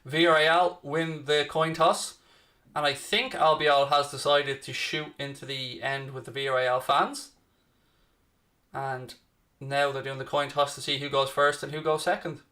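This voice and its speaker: A man's voice: fairly high pitch, flat delivery, a little slow, bright, forceful tone. A young man hosting a live football watchalong, chatting casually and answering viewers by name. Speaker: watchalong host. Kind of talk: live stream commentary and chat.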